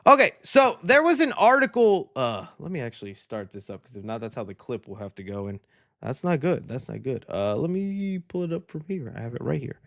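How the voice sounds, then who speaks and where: A man hosting a casual movie news livestream, chatty and animated, often breaking into laughter. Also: fairly high pitch, fairly quick, hardly any pauses.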